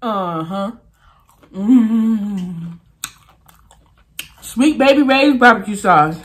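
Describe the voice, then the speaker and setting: A woman food vlogger talking casually to camera while eating, animated and exclaiming, chanting at a spinning wheel. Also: mid-range voice, extremely slow.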